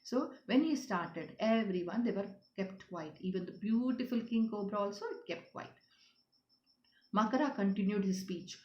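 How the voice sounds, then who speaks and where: A woman's voice: mid-range voice, moderate pace, darkish tone. A woman teaching schoolchildren, explaining a story, repeating herself and asking them questions. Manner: repetitive, questioning, often asks "children". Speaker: English teacher. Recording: roomy, dull lo-fi sound.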